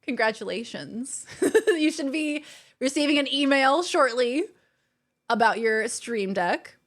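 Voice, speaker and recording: A woman's voice: sits high, animated, unhurried. A woman streamer chatting casually on a live stream, thanking her viewers over and over, with lots of fillers and repeats.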